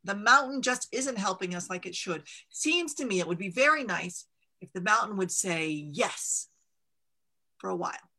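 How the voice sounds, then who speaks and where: A woman's voice: mid-range voice, lively intonation, normal speed, bright, forceful tone. A woman voicing an exasperated, stubborn country mother in a storybook read-aloud, pleading with a raised voice.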